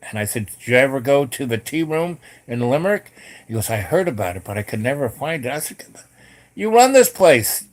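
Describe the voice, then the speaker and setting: A middle-aged man telling a long personal story in a rambling, casual way, with many fillers and restarts. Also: medium pitch. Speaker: host.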